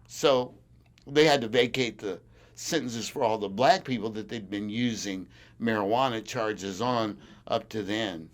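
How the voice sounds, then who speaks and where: A man's voice: fairly low pitch, a little slow. A farmer in an oral history interview, telling his stories with plenty of chuckles and acting out the voices of the people in them. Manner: animated storyteller who acts out quoted voices; chuckles often while telling. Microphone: recorder on a desk.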